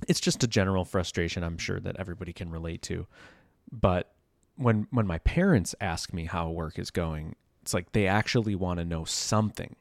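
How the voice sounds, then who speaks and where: A man's voice: low voice, moderate pace, vocal fry, no room sound, studio quality. A man in his thirties talking casually in a loose, rambling monologue, full of "like" and "you know", as a podcast host.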